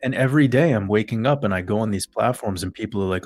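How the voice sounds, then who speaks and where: A man's voice: lowish voice, quick pace, hardly any pauses, a little mellow, dry recording, faint music behind. A man host ranting in profane, sarcastic casual talk to a live chat audience. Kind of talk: casual rant to a livestream chat.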